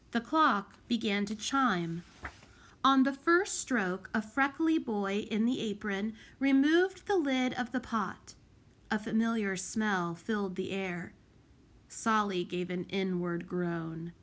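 A woman narrating a children's audiobook in an expressive, measured way. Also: mid-range voice. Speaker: audiobook reader.

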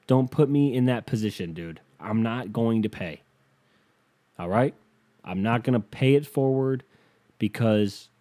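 A man's voice: medium pitch, dark tone. A young man ranting to camera in a casual comedic monologue, swearing freely and acting out the people he quotes. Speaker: comedic vlogger.

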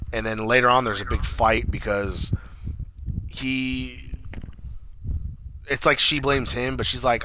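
A man's voice: medium pitch, little pitch movement, slow pace, long pauses, bright, forceful tone, a little hiss or hum, poor audio. A man casually retelling a movie plot, rambling and swearing, with lots of "like" fillers. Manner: rambling, profane, full of "like". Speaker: podcast co-host. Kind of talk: casual movie recap chat.

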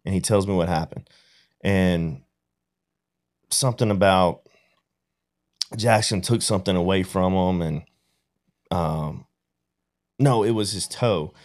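A man's voice: low-pitched, slow pace, pauses often, a little mellow. A man in casual podcast conversation, telling a reflective story and often checking in with "right?". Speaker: podcast guest or co-host.

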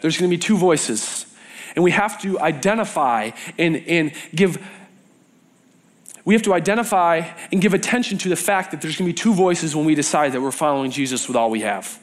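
A young man delivers a sermon to a young adult group. His voice sits slightly high, and he acts out the lines he quotes as he tells his stories. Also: expressive, brisk.

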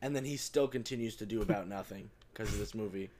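A man in his twenties co-hosting a casual chat, animated and swearing, acting out quotes. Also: lowish voice, quick pace. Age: 20s. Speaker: podcast co-host.

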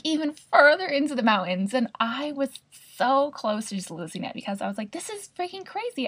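A young woman tells a personal story on her own podcast, chatty and expressive, with casual swearing along the way. Her voice sits mid-pitch with a gravelly edge. It is slightly husky rather than clean. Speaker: podcast host.

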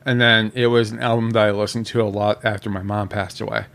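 A man's voice: lowish voice, little pitch movement, fast talker, vocal fry, a bit bright. A man co-hosting a casual podcast chat, inquisitive and enthusiastic. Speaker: podcast co-host.

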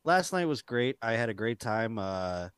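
A man's voice: medium pitch, sing-song, moderate pace, a bit bright, clean tone, no room sound. A man co-hosting a podcast in loose, profane, rambling casual chat, often acting out quotes. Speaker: podcast co-host.

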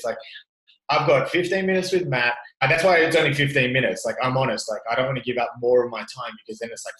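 A man who coaches gym owners, talking in a casual podcast chat, animated and swearing freely as he gets worked up. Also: medium pitch, very fast, roomy sound, poor audio.

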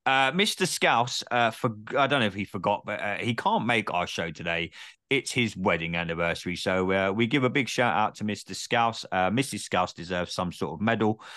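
Brief: podcast host, lowish voice, dry close mic, chatty. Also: male voice, animated, normal speed, pushed and bright, dry recording. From Britain. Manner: chatty, swears casually, many "uh" fillers. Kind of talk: casual sports podcast chat.

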